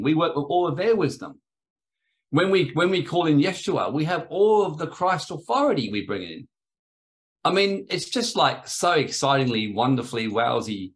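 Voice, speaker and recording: A man giving a rambling, anecdotal talk on spiritual authority, in a sermon style. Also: on the high side. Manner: rambling, anecdotal, acts out quoted voices. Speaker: spiritual teacher.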